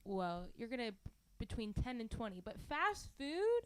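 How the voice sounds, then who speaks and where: A woman's voice: a little high, sing-song, measured pace, clean tone, no echo. A young woman guesting on a casual podcast, chatting in an easygoing way with laughing asides. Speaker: guest, host's fiancée.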